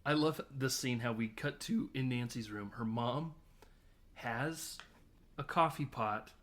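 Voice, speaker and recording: A man in easygoing podcast chat walks through a movie scene by scene. He talks at an ordinary, mid-range pitch, laughing often and dropping the odd swear word as he tells it. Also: unhurried. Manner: lively storytelling, laughs often, swears casually. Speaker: podcast host. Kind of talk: casual movie recap chat.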